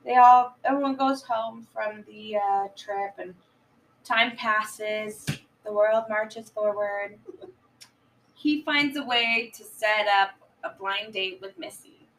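A woman's voice: medium pitch, fairly even intonation, slow, fairly bright tone, recorded from a distance, low-quality recording. A woman on a podcast casually retelling a movie plot, rambling with many fillers and stoned. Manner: rambling, filler-heavy retelling, acting out quotes. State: high. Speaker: podcast co-host. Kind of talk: casual movie recap chat.

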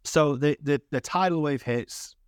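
A man's voice: on the high side, unhurried, clear, resonant tone, dry recording, clean studio sound. A man co-hosting a podcast, chatting about a film in a casual, self-deprecating and swearing way. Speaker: podcast co-host. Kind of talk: casual film recap chat.

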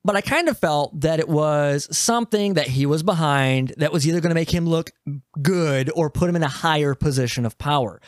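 A man's voice: a little high, brisk, dry recording, studio quality. Man steering a casual movie chat. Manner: steers the talk, animated and emphatic. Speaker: podcast co-host.

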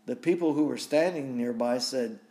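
A man's voice: mid-range voice, moderate pace, warm tone. A man preaching a sermon, reading scripture aloud and reflecting on it with repeated rhetorical questions.

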